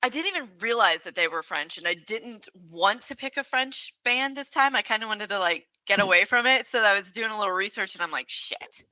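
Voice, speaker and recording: A woman's voice: mid-range voice, a little fast, few pauses, sharp tone, dry recording, low-quality recording. A woman co-hosting a podcast in casual chat, hesitant, restarting her words and giggling. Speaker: podcast co-host.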